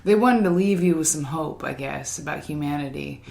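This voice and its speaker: A woman's voice: low voice, moderate pace, creaky, darkish tone. A woman in her twenties co-hosting a podcast, teasing and swearing playfully in casual chat. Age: 20s. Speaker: podcast co-host. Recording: roomy echo.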